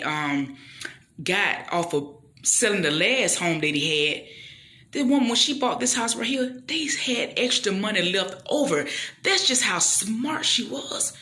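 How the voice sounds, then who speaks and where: A woman tells a story in a casual, chatty way, with a faith message woven through it. Her voice is bright and clear, and she swings up high when she acts out the people in the story. She keeps checking in with her listener as she talks. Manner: animated, acts out the people in her story with big jumps in pitch.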